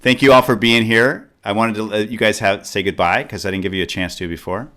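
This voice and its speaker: A man's voice: on the low side, steady tone, brisk, fairly bright tone. A man hosting a community news show, upbeat and joking as he wraps up with guests. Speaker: show host.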